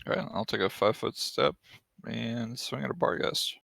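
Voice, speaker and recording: A man's voice: mid-range voice, normal speed, gravelly, fairly bright tone, no room sound, studio quality. A man playing in an online tabletop game, calling out his character's actions in a plain, matter-of-fact way. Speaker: player.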